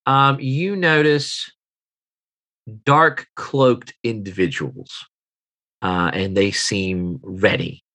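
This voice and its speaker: A man running a tabletop game as game master, narrating scenes with chuckles and halting descriptions. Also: on the low side, sharp tone.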